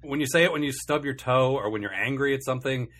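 A man co-hosts a casual comedy podcast, his voice bright with a husky edge. He rambles, starts over mid-sentence, and keeps slipping in dry complaints for laughs. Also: mid-range voice, fast talker. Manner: rambling, self-interrupting, dry complaining humor. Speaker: podcast co-host.

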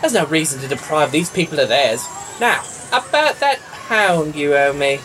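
Pompous rich english toff voiced by a woman, lively swooping delivery, gushing and clueless. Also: sits low, normal speed, slight background noise. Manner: posh, gushing, oblivious. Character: wealthy, excitable, pompous English gentleman. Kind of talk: comedy audio drama.

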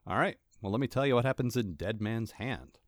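Man, podcast co-host, joking recap, animated pitch, dry sound. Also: fairly quick, no room sound. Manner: wry, joking, sarcastic asides. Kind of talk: casual chat and scripted episode recap.

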